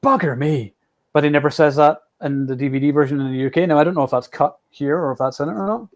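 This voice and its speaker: A man's voice: a little high, fairly even intonation, racing, a little mellow. A man with a Scottish accent hosting a casual chat. He rambles and restarts his sentences often. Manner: rambling, with many restarts and fillers. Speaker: podcast host.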